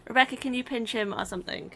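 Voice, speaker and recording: A woman's voice: on the high side, quick pace, vocal fry, a bit bright. A woman co-hosting a game stream, reading chat and making dry teasing remarks.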